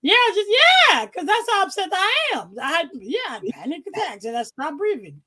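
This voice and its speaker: High-pitched woman reading emails, profane. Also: a little fast. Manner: profane, animated, laughing often.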